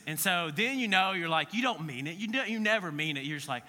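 A man co-hosting a podcast, teaching scripture in a casual, animated storytelling way and acting out quoted voices. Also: high voice, fast, hardly any pauses, long reverb tail, a little hiss or hum.

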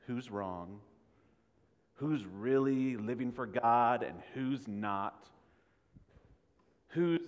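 A man's voice: mid-range voice, long reverb tail. A man preaching a sermon, earnest and full of rhetorical questions to the congregation.

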